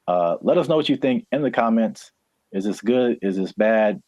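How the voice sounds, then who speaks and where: A man hosting a podcast with a low voice that swings widely as he talks. He keeps it loose and jokey and drops in lots of ums and uhs. The sound is dry and close. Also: animated, moderate pace, darkish tone, no echo. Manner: loose and joking, with many fillers. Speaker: podcast co-host. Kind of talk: casual chat.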